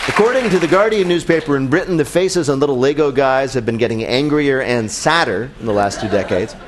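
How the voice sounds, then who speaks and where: A man's voice: mid-range voice, a little fast, crowd noise, background noise. A man hosting a radio quiz show, with a wry, joking delivery.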